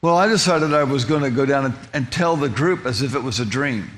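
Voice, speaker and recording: A man's voice: medium pitch, brisk. A man telling a personal testimony as a story, with many restarts and repeated words, lingering on vivid details. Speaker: speaker giving a personal testimony.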